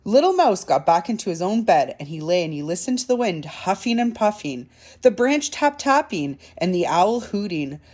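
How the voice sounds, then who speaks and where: Expressive woman reading a picture book. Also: fairly low pitch, moderate pace. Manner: expressive, soft and dramatic. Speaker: library storytime reader.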